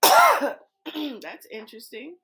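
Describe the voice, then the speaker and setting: A woman's voice: sits high, huge pitch swings, very slow, vocal fry, crowd noise. Chatty laughing American woman. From United States. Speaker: co-host answering a chat. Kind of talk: casual chat. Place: home, on the East Coast.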